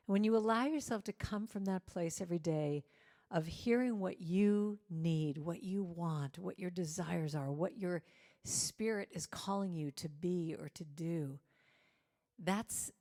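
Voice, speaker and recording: A woman's voice: fairly low pitch, a little slow. Woman giving a playful sermon. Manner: warm, playful, inviting the audience to join in. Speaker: guest speaker. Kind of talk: inspirational sermon.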